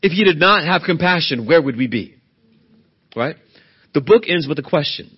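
A man preaching a sermon as pastor, swinging between loud emphatic peaks and hushed, low passages. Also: lively intonation, normal speed, slightly rough, dull audio.

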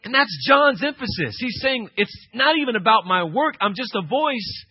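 Pastor guy preaching hard, goes quiet then loud, kinda husky, dull dry sound. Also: very high voice, big pitch swings, normal speed, no echo. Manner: emphatic, swings from quiet to loud. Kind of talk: sermon.

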